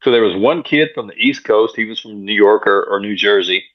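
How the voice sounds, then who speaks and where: A man with a lowish voice tells a story as a guest on an interview show. He is energetic and often repeats words while he finds his thought. The recording sounds dull and lo-fi. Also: a little fast. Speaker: guest speaker, pastor and coach.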